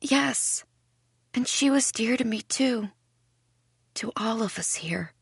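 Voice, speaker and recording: A woman voicing an eerie, cold young girl who speaks softly, smiling and half-whispering. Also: medium pitch, unhurried, slightly rough, dry recording, studio quality. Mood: dreamy.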